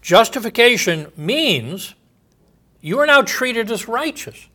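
A man's voice: very high voice, very animated, slow, pushed and bright. A man preaching a sermon as a pastor, reading scripture aloud and asking emphatic rhetorical questions.

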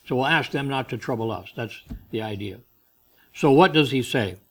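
A man's voice: medium pitch, expressive, moderate pace. A man teaching a verse-by-verse Bible study, explaining Greek words and leaning on key phrases, with a dry cough now and then.

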